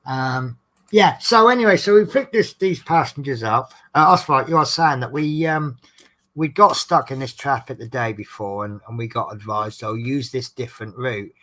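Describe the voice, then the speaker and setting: A man's voice: mid-range voice, moderate pace, fairly bright tone. A man, a bus driver, chatting casually to a live stream chat about his shifts, rambling and reading chat names aloud. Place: indoors at home, crafting in the dark.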